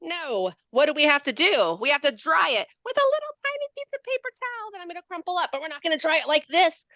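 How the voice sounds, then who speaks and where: A woman's voice: very high-pitched, fast, no room sound, lo-fi sound. A woman demonstrating a handwriting activity on a video call, playful and full of questions to her listeners. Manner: animated, playful, asks questions. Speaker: literacy educator. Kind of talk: lively teaching demonstration.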